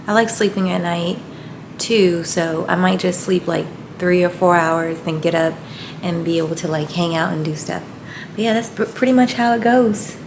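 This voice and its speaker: A young woman who works as a night-shift nurse, talking casually to camera in a vlog, excitable and quick to giggle. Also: reverberant. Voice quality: giggly and excitable, voice jumps high when moved. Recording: noisy background hiss.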